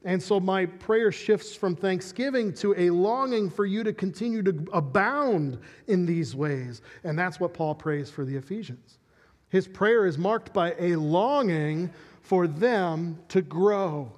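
A man's voice: high-pitched, animated, measured pace. A man preaching a sermon as pastor, teaching earnestly and often restarting phrases. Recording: reverberant hall.

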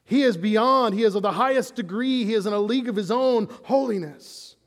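A man preaching a sermon as pastor, animated and conversational, dropping into hushed awe at times. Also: sits high, fairly quick, in a large hall.

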